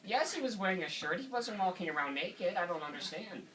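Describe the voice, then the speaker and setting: A man's voice: sits high, animated, a little fast, crowd noise. A man on a prank call, playing a fussy, indignant father who rambles and keeps calling the manager sir. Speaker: prank caller. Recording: distant mic with faint noise.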